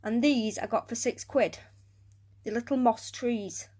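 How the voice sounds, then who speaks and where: A woman's voice: a little high, unhurried, a little mellow. Chatty woman crafting and muttering. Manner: chatty, rambling, drops to muttering and whispers while working. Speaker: hobbyist building a tarantula enclosure. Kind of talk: casual crafting vlog narration.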